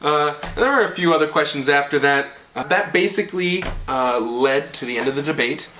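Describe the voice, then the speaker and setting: Bright young man rambling on a vlog. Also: a little high, a little fast, slight background noise. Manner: rambling, filler-heavy, playful. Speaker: channel host. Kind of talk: casual vlog recap.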